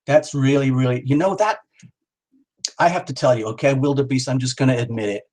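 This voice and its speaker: A man's voice: mid-range voice, fairly quick, darkish tone. A middle-aged man hosting a live tarot stream, rambling and joking as he calls out viewers by name. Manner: jokey, rambling, talks straight to viewers by name.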